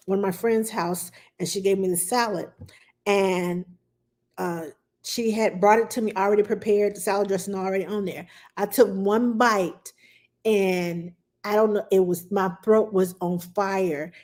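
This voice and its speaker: A woman's voice: mid-range voice, steady tone, normal speed, darkish tone. A woman hosting a casual advice talk for parents, telling stories chattily with many fillers and asides. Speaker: childcare advice host.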